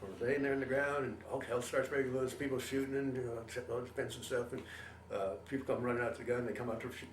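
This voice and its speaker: An older man, a veteran, telling his war experiences in an oral history interview, lively storytelling that acts out what others said. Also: medium pitch, fast talker. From Canada. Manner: animated storytelling, acts out quoted voices. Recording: roomy, mic at a distance, faint hiss.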